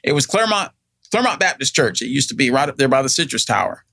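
Middle-aged guy telling a story, gravelly, dry close sound, lots of "you know, like". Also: medium pitch, big pitch swings, fast talker, pushed and bright, no echo. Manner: rambling, many fillers and restarts, acts out quoted voices. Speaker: guest telling his story. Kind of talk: casual storytelling.

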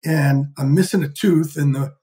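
A man in his fifties, a podcast guest telling lively, profane stories in a casual interview. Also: on the high side, moderate pace. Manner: energetic, profane, animated storyteller. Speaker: podcast guest, sports insider.

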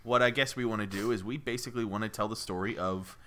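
A man's voice: on the low side, fairly even intonation, fast, pushed and bright. A young man co-hosting an improvised podcast, retelling a story in a playful, joking way. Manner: playful, jokey, laughs often. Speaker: podcast co-host.

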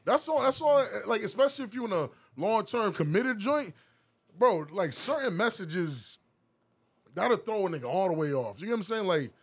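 A man co-hosting a comedic podcast, talking in casual banter and swinging from loud outbursts to low mutters. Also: lively intonation, normal speed, husky. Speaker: podcast co-host.

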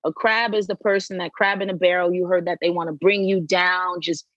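A woman's voice: on the low side, a little fast, dry recording. Emphatic woman telling stories, slightly dull recording. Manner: animated, emphatic storytelling with repeated phrases. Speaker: podcast guest. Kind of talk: casual interview chat.

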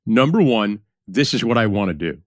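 A man's voice: lowish voice, lively intonation, normal speed, no echo, clean studio sound. A man from Yonkers, New York, hosting a podcast conversation, telling stories and reminiscing. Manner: reminiscing, storytelling. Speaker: podcast host.

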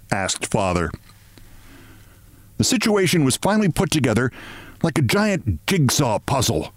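A man hosting a podcast, reading a short story aloud in a measured, expressive way. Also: medium pitch, no room sound. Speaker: podcast host.

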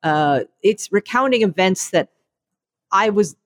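Animated, self-mocking woman podcast co-host. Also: medium pitch, a little slow, no echo. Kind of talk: casual chat.

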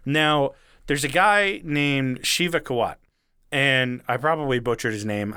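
A man's voice: mid-range voice, sharp tone, dry recording, studio quality. A man telling a rambling story in casual chat, chuckling now and then and swearing freely.

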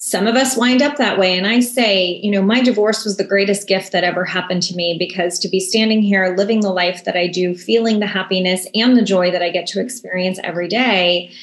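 A woman's voice: medium pitch, steady tone, a little fast, few pauses, echoey room. A middle-aged woman hosting a podcast interview, chatty and enthusiastic, laughing easily as she talks. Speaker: podcast host.

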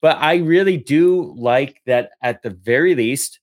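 A man's voice: fairly high pitch, unhurried, no echo. Thoughtful man on a podcast, dry mic. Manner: hesitant, restarts while thinking aloud. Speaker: podcast co-host. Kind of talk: casual wrestling podcast chat.

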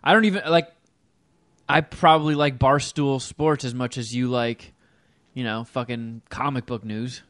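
Wry deadpan man on a podcast. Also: mid-range voice, measured pace, no echo. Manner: wry, teasing, deadpan jokes. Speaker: podcast co-host. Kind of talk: casual chat.

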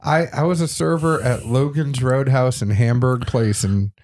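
Middle-aged man from Boston, animated and talkative podcast guest. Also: medium pitch, moderate pace. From Boston area. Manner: chatty, animated storyteller. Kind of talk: casual podcast chat.

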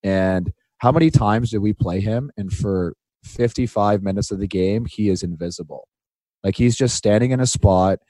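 Lively low-voiced man talking hockey. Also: normal speed, dry recording. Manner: animated storyteller, drops into impressions. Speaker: podcast co-host, former hockey player. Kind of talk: casual hockey chat.

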